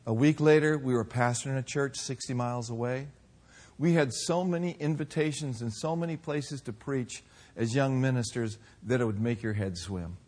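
A man in his sixties preaching a sermon, telling folksy personal stories with humor and lively emphasis. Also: medium pitch, normal speed. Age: 60s. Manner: folksy storytelling, animated with laughs. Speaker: pastor.

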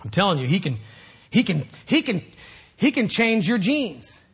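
High husky guy preaching a sermon, gets loud and fired up. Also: moderate pace. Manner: animated preaching, rising to shouts. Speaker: pastor.

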